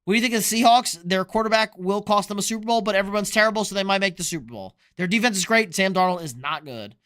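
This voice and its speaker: Bright, high-voiced young man streaming. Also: fast talker. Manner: loose, profane, reads chat questions aloud. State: drinking beer. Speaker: sports streamer answering chat. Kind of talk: casual live-stream chat.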